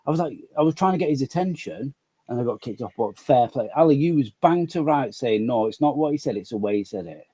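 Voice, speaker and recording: A man's voice: mid-range voice, animated, fast talker, dark tone, husky. A man, a guest on a casual live chat, rambling, apologetic and sweary. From Manchester area. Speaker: guest caller.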